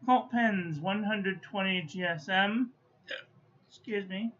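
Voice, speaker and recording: A woman's voice: mid-range voice, slow pace. A woman giving a casual stationery review, muttering to herself and playfully scolding as she goes. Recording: dull lo-fi audio with faint background noise.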